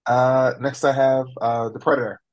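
Laid-back man at mid pitch, laughing. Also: flat delivery, moderate pace, muffled recording. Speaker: podcast guest. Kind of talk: casual chat.

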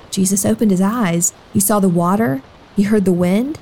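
A woman with a mid-range voice tells a Bible story to children in a slow, gentle, expressive way. She speaks directly to her young listeners. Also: mid-range voice, a little hiss or hum, rough recording. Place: at home.

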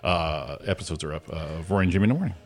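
A man's voice: sits low, rapid-fire. A man hosting a radio morning show, chatting casually and teasing his co-host in a rambling way. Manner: rambling, teasing, with many restarts. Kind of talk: casual chat. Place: studio. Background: music.

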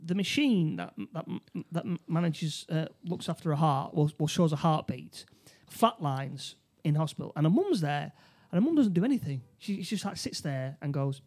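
Halting man recapping a film. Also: a little high, expressive, darkish tone. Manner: halting, many restarts, acts out quotes. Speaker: podcast co-host. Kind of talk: casual film discussion.

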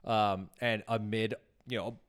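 A man with a fairly low voice talks loosely in casual podcast chat. He rambles through lots of filler words, trails off mid-thought, and drops the odd curse between laughs. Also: steady tone, slow pace. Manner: rambling, filler-heavy, swears, laughs often. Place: near Pasadena.

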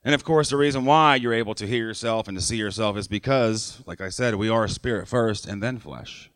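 A man's voice: lowish voice, fairly quick, fairly bright tone, dry recording. A man preaching a sermon to his church congregation in a conversational way, often checking in with "right?" and using fillers. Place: church sanctuary.

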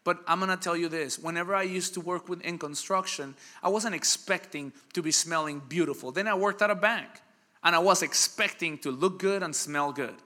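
Middle-aged guy preaching, high bright voice, super energetic, acts out the voices he quotes. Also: fairly quick. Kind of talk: sermon.

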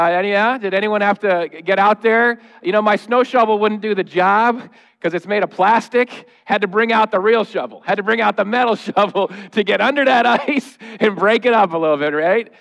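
Speaking in a high, gravelly voice with a fairly bright tone, this man in his thirties is a pastor giving a sermon in a church sanctuary. He keeps it humorous and conversational, acting out noises and quotes along the way.

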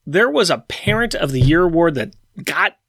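A man co-hosting a comic book podcast in casual chat, jokey and quick to slip into silly voices. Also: on the high side, lively intonation, creaky, fairly bright tone, no echo, studio quality. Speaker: podcast co-host.

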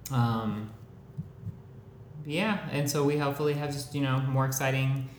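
A man co-hosting a podcast in a casual chat, easygoing and quick to laugh. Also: medium pitch, fairly even intonation, roomy sound, slight background noise. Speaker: podcast co-host.

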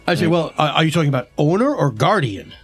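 A man playing a tabletop game, speaking deliberately and diplomatically in character. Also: on the high side. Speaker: player. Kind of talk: casual tabletop role-play.

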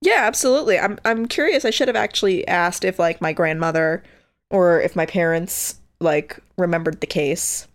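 A woman's voice: on the low side, moderate pace. A young woman co-hosting a podcast in casual, chatty talk, often filling her sentences with "like". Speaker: podcast co-host. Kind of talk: casual chat.

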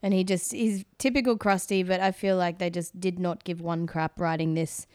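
A woman's voice: on the low side, steady tone, normal speed, a little mellow, clean tone, no echo. A woman chatting as a podcast guest, blunt and dry in her remarks. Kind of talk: casual podcast chat.

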